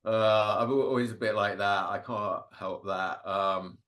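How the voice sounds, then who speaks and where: A man's voice: lowish voice, fairly even intonation, measured pace, fairly bright tone. A man, a cartoonist and guest speaker, talking casually and rambling about his drawings, full of fillers and little laughs. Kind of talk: casual talk over slides.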